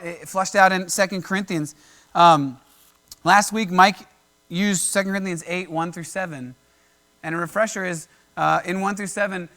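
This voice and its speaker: A man's voice: high-pitched, bright, forceful tone. A man preaching a casual, conversational sermon, telling a Bible story in everyday slang and acting out the characters. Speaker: pastor.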